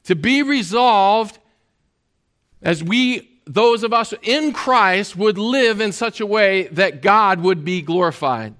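In a high-pitched voice, a pastor gives his sermon with a conversational, easygoing feel. He often pauses on fillers as he talks to the congregation.

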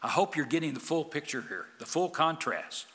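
A man preaching a sermon as a pastor, emphatic, with big swings from loud declarations to quiet, low lines. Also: expressive, moderate pace, slightly rough, big-room sound.

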